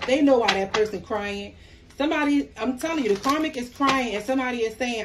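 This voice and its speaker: A woman's voice: on the high side, brisk, background noise. A woman giving a casual tarot reading, talking emphatically to viewers. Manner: animated, emphatic, talks back to the cards. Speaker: tarot reader.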